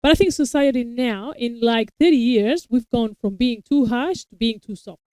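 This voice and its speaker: Smooth-voiced woman chatting at length. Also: on the high side, normal speed, a little mellow, no room sound, low-quality recording. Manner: long talkative explanations with frequent restarts. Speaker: co-host reacting to a TV episode; parent of young children. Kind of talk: casual chat.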